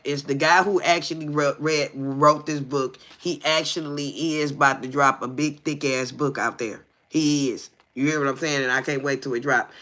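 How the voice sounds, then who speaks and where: A man's voice: medium pitch, bright, forceful tone. A man co-hosting a livestream, reading a text aloud with stumbles and breaking off to ask the listener "you hear me". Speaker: livestream co-host.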